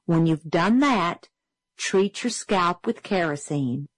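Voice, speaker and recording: A woman's voice: lowish voice, lively intonation, takes it slowly, dry recording, poor audio. A woman voicing a flustered young schoolteacher in a storybook reading, prim and anxious.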